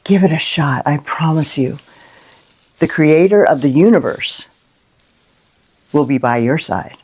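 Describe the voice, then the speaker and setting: A middle-aged woman hosting a Christian inspirational video, talking unscripted and from the heart, with lively rhetorical questions and frequent "right?". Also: deep voice, a little slow, slightly rough. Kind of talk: unscripted heartfelt monologue to camera.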